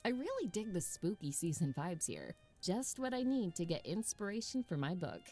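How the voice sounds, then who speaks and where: A woman's voice: on the low side, big pitch swings, normal speed, warm tone, faint music behind, pitched below the performer's own voice. A woman voicing a wry young woman writer on a spooky vacation in a game.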